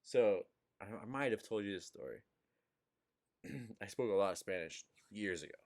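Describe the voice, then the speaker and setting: A man with a low voice talks casually on a podcast. He tells stories in an animated way, laughing and swearing freely. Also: moderate pace. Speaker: podcast host. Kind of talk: casual chat.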